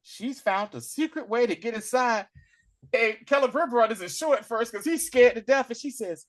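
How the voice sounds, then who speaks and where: A man recapping a show in casual chat. His pitch swings widely as he tells the story, and he slips into the characters' lines with loose, slangy delivery. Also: normal speed. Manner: animated retelling, acts out the characters' lines in slangy talk. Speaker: podcast co-host recapping a TV episode.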